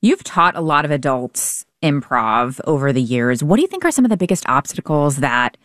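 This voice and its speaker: A woman's voice: sits low, very animated, moderate pace, a bit bright, no echo, clean studio sound. A woman hosting an interview, talking casually with lots of "like" and frequent laughter. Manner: casual, many likes, laughs often. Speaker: interview host. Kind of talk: conversational interview.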